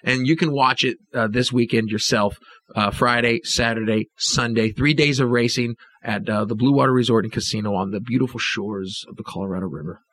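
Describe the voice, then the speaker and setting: A man's voice: mid-range voice, fairly even intonation, brisk, a bit bright. Enthusiastic male podcast co-host. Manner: enthusiastic, hypey promoter. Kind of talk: casual chat.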